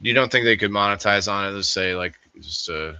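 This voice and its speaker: Low bright-toned joking podcast guy. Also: fairly quick, clean tone, no echo. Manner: joking, chuckling interjections. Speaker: podcast co-host. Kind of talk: casual chat.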